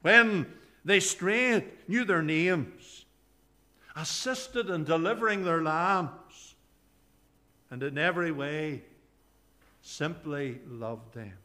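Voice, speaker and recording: A man preaching a sermon in a church. His voice sits high and sounds bright and forceful. He speaks slowly and earnestly, sinking low and soft whenever he quotes scripture. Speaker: pastor.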